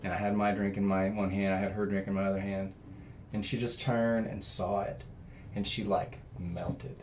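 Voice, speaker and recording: A man's voice: deep voice, normal speed, slight background noise. Earnest man rambling through a personal story. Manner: earnest, rambling, with many fillers and restarts; grows loud and animated when telling emotional parts. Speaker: interview guest.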